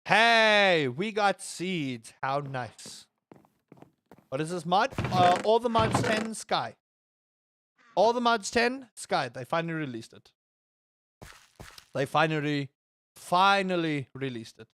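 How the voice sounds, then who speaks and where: A man's voice: high-pitched, lively intonation, slow, long pauses, fairly bright tone, no room sound. A man streaming a game live, chatting with viewers in a sarcastic, rambling way full of stammered fillers.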